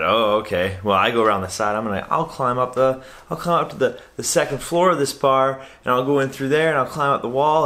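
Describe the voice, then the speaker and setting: A comedian and magician telling a comic story to camera in an animated, playful, exaggerated way. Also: male voice, medium pitch.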